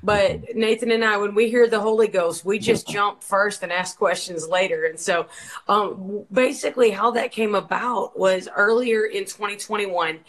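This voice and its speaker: A woman's voice: medium pitch, normal speed, a bit bright, rough recording. A woman from Georgia, giving a passionate, preacher-like testimony about her ministry in an interview. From Georgia, USA. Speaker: worship leader and ministry co-founder.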